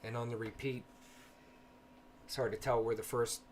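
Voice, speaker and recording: A man hosting a casual livestream, talking softly and hesitantly with frequent pauses and fillers, greeting chat viewers between stretches of explanation. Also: medium pitch, flat delivery, a little hiss or hum. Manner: soft-spoken, hesitant with many ums. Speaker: paranormal livestream host.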